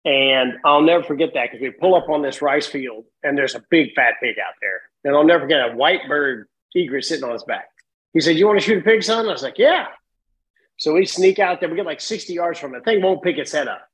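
Middle-aged male podcast guest, animated storyteller with a somewhat high voice. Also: fast, poor audio. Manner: animated, laughs often, acts out voices. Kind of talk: casual storytelling.

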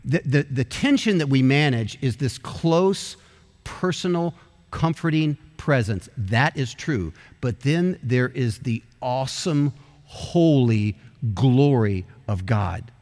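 A middle-aged man preaching a sermon as pastor, telling a story with quick asides and slowing down for emphatic phrases. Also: medium pitch, lively intonation, a little mellow, in a large hall.

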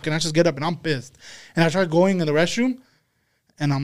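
A man's voice: a little high, fairly quick, pauses often. A man telling his own embarrassing story among friends, profane and self-mocking.

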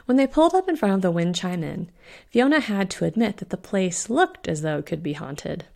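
A woman reading her own short story aloud in a steady, expressive storytelling voice. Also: fairly low pitch, brisk, vocal fry. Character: witch Fiona voiced in own voice.

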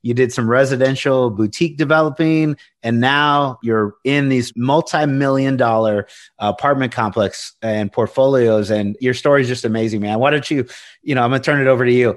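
A man's voice: mid-range voice, fairly even intonation, moderate pace. A man hosting an interview, chatting casually with enthusiasm and calling his guest "man". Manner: enthusiastic, friendly, says "man" a lot. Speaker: podcast host.

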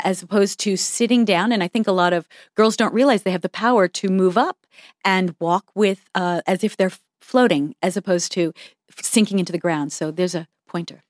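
A woman's voice: lowish voice, no echo, studio quality. Woman in a put-on posh English accent. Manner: plays up a posh English princess voice, giggly. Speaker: actress guest. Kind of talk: talk show interview.

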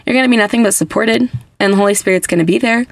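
A woman's voice: medium pitch, very fast, no room sound, studio quality. A young adult woman hosting a podcast, chatting casually and emphatically with lots of "like" fillers. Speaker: podcast host. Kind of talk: casual faith podcast chat.

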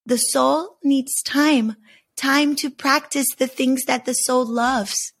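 Earnest woman with a gravelly, husky voice. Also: high-pitched, fairly even intonation, fairly bright tone. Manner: earnest, measured, slow deliberate emphasis. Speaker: podcast host teaching on story symbols. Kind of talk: reflective spoken teaching.

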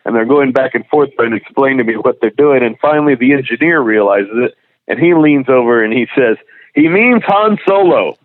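A man's voice: mid-range voice, a little fast, no echo. A man, a comedian and voice actor, telling stories in casual chat and laughing through his anecdotes. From Houston, Texas. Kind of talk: casual storytelling. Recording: tinny phone line, dry.

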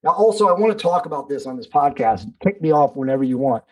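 A man's voice: fairly high pitch, sing-song, fast, darkish tone, breathy edge, low-quality recording. A man speaking as a podcast guest in casual conversation, emphatic and preachy, swearing freely.

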